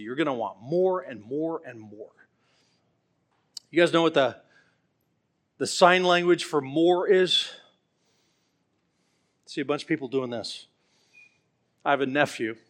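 A man's voice: on the high side, lively intonation, moderate pace, pauses often. A middle-aged man preaching a sermon, earnest and pleading, telling stories along the way. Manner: earnest and pleading, with storytelling asides.

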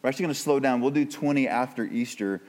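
A man's voice: medium pitch, quick pace, darkish tone. A male pastor preaching a sermon in a conversational, emphatic way, repeating words for stress. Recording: long hall reverb.

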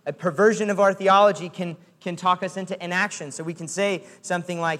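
A man's voice: sits high, steady tone, fairly quick, hardly any pauses, bright, forceful tone, long reverb tail. A man preaching a sermon in an earnest, emphatic way, repeating key phrases for weight.

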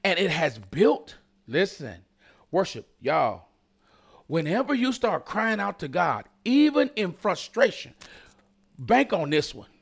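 A man's voice: sits high, sing-song, takes it slowly, vocal fry, breathy edge. A man preaching a sermon as pastor, addressing the congregation directly with rising intensity and call-and-response asides.

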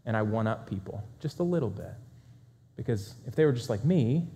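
A man giving a talk to a live audience, energetic and fast-talking, with self-deprecating humor. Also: mid-range voice. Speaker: speaker.

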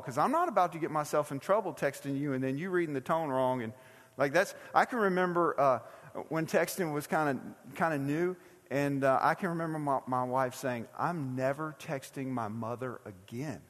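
A man's voice: fairly high pitch, fairly bright tone. A middle-aged man preaching a sermon, casual and conversational, asking his congregation many questions. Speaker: pastor. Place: church sanctuary. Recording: long hall reverb.

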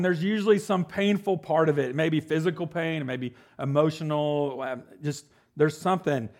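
Gravelly-voiced man in his forties preaching. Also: a little high. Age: 40s. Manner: conversational, joking, asks "right?" often. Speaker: pastor. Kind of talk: sermon.

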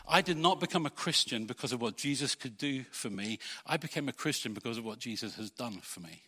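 A man preaching a sermon as pastor, putting rhetorical questions to his congregation and swinging between loud urging and quiet earnestness. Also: medium pitch, fast, hardly any pauses, breathy edge, in a large hall.

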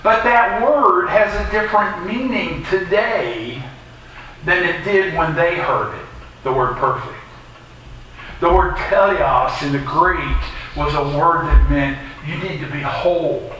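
A man's voice: fairly high pitch, slow, fairly bright tone, a little hiss or hum. A middle-aged man preaching a sermon in a church, folksy and conversational with personal asides. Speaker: pastor. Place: church sanctuary. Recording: echoey church hall, faint ambience.

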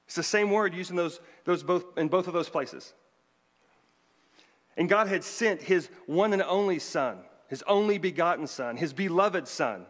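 A man's voice: a little high, fairly bright tone. A man, a pastor, delivering a conversational sermon with joking asides to the congregation. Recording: long hall reverb.

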